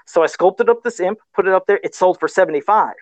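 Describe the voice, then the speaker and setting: A man's voice: high voice, fast talker, dry recording, rough recording. A man talking casually on a livestream about his first sculpted custom figure, self-deprecating and laughing often. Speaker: guest toy sculptor.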